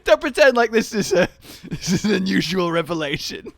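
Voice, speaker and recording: A man co-hosting a gameplay video, animated and jokey, bursting into high laughs. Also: brisk, creaky, no echo. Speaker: gaming channel co-host. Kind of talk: casual gameplay banter.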